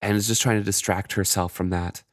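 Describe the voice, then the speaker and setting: Low-voiced man recapping a book. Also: steady tone, a little fast, dry recording, clean studio sound. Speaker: podcast co-host. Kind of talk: casual chat retelling a book.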